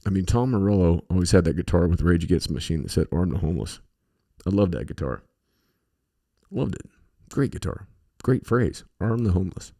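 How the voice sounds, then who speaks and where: Lively in intonation and fairly quick, a middle-aged podcast host from the western United States speaks in a low, mellow voice. He tells rambling, casual stories laced with profanity and fillers in a solo monologue.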